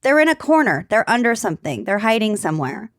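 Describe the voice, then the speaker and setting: A woman's voice: mid-range voice, big pitch swings, fast talker, no echo. Wry woman podcast co-host, dry sound. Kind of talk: casual chat.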